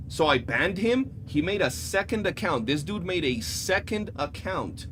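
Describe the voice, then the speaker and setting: A man streaming live, telling stories in a casual, animated and profane way. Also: on the high side, normal speed, few pauses, a little hiss or hum. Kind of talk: casual livestream chat.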